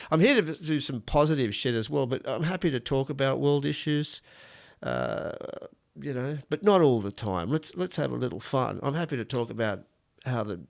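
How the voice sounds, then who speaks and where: A fifty-something Australian man hosts a rough-and-ready podcast from his garage. His mid-range voice has a gravelly edge, and he rambles through blunt, profane jokes in an easy, offhand way. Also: mid-range voice. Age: 50s. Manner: blunt, swearing, rambling and jokey. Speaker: podcast host. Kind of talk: casual solo podcast monologue. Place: home garage studio.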